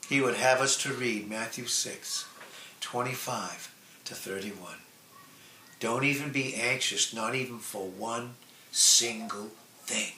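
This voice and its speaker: Male preacher, sermon delivery, drawn-out earnest phrasing; echoey room, faint noise behind. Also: medium pitch. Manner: slow, earnest, drawn-out emphasis with soft trailing phrase endings.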